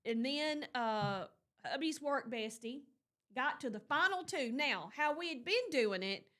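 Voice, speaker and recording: A woman's voice: high-pitched, lively intonation, measured pace, pushed and bright. A woman hosting a morning show, chatting casually and telling stories with lots of fillers. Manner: chatty storyteller, rambling with fillers. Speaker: radio morning show host. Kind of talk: casual on-air chat.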